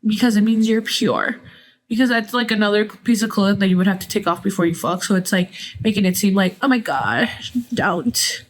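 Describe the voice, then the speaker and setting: This podcast host speaks at a medium pitch with a flat delivery, talking fast. Her Mexican-American accent comes with Spanish phrases as she dishes gossip in loose conversation, blunt, sarcastic and heavy on profanity.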